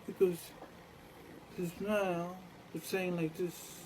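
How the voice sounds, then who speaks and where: Guy with a high mellow voice rambling on, swearing, keeps saying man. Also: normal speed, a little hiss or hum, low-quality recording. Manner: profane, rambling, acts out quoted exchanges; repeats "man" as filler. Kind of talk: rambling storytelling monologue.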